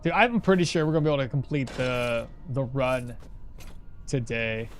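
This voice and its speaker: A man's voice: mid-range voice, moderate pace, a little hiss or hum. A man streaming a game live, chatting casually and answering his chat while he plays. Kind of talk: casual live gameplay commentary.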